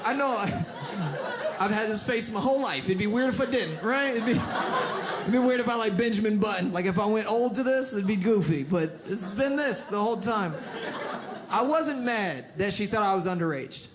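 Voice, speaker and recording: A young man performing stand-up comedy in a club, telling an animated story and acting out characters. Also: sits high, normal speed. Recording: live club with loud crowd laughter and noise.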